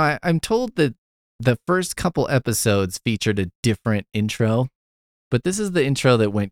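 A man's voice: mid-range voice, no echo, clean studio sound. A man hosting a podcast, recapping an old TV episode in a casual, joking way, swearing and acting out the characters. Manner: animated storytelling, swearing, quick character voices. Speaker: podcast host.

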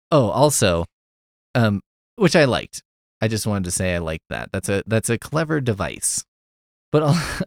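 A man's voice: medium pitch, no echo, studio quality. A man hosting a podcast, recapping an old TV episode in a casual, joking way, swearing and acting out the characters. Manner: animated storytelling, swearing, quick character voices. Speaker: podcast host.

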